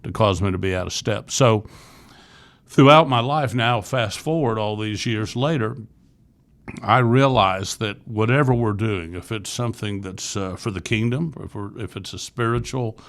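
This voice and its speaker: Fairly low-pitched and a bit bright, a man speaks at a moderate pace. He's a sixty-something youth ministry leader from Florida, USA, guesting on a podcast and telling his life story earnestly and candidly, often restarting, in casual interview storytelling.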